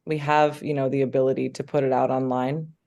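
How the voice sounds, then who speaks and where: Gravelly-voiced actress chatting eagerly. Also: female voice, a bass voice, flat delivery, a little fast, warm tone. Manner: enthusiastic, chatty, many filler words. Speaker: actress guest. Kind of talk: casual interview chat.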